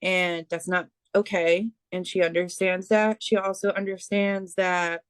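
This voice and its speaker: A woman giving a spiritual reading as a medium, speaking haltingly with many fillers and restarts. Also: lowish voice, flat delivery, clear, resonant tone, no echo. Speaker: psychic medium.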